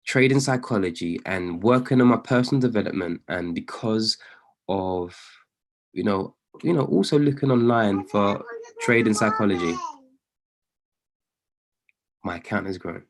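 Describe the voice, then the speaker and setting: A man working as a trading coach, giving a motivational talk on a live video call. He is earnest and encouraging and repeats phrases for emphasis. He swings between loud pleading and hushed near-whispers. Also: on the low side, expressive, unhurried, long pauses.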